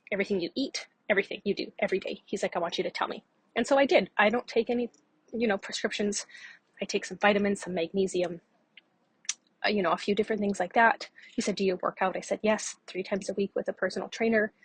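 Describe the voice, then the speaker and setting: A woman's voice: mid-range voice, husky. A woman podcast host telling her own story in a candid, conversational way with frequent fillers. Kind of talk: personal storytelling monologue.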